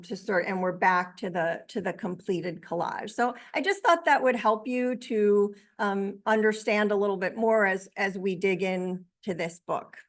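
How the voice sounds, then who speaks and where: A woman author talking about her book and showing her artwork, in a halting way with many pauses and fillers. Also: medium pitch. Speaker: author and widow.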